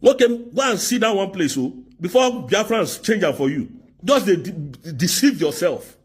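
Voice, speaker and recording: A man's voice: high-pitched, big pitch swings, moderate pace, breathy edge. A man ranting angrily in commentary, hurling insults and rebukes. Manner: insulting, shouting rebukes, swearing. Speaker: political commentator.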